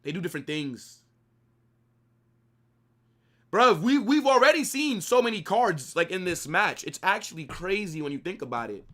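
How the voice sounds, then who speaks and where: Co-hosting a live football watch-along, this young man speaks in a high voice and a little fast. He's animated and full of opinions, with casual cursing and plenty of slang.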